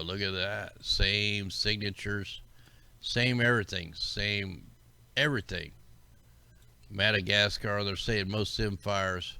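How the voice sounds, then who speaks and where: A man's voice: on the low side, bright, forceful tone, clear, resonant tone, dry recording. A man hosting a livestream, rambling casually and conspiratorially as he talks through maps and greets his viewers. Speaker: livestream host. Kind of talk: casual commentary over maps.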